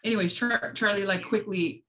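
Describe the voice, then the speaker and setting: A woman hosts a relaxed conversation in a mid-range voice. She tells stories with energy and jumps high when she quotes people. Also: normal speed, slight background noise, rough recording. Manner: animated storyteller, acts out quotes with big pitch jumps. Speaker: host. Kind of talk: casual chat.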